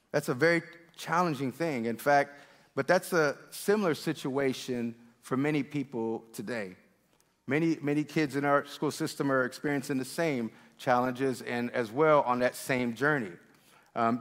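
A man preaching a sermon and telling stories, animated and repeating words as he gets excited. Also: mid-range voice, long reverb tail. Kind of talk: sermon storytelling. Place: church hall.

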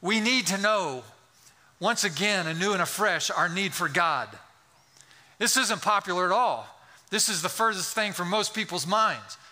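A man's voice: high voice, lively intonation, normal speed, pushed and bright. A man, a pastor, preaching a sermon to his congregation, telling a story and building to fervent pleas. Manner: storytelling, rising to fervent pleading. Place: church sanctuary.

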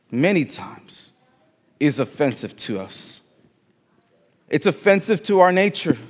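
A man's voice: high voice, long reverb tail. A man with a Latino accent preaching a sermon as pastor, emphatic and repeating phrases for weight in a church sanctuary.

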